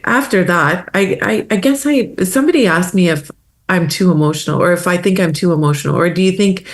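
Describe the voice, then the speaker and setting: A woman from Canada, a wildlife photographer, talking as a guest in a casual interview, animated and emotional, laughing often. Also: fairly low pitch, a little fast.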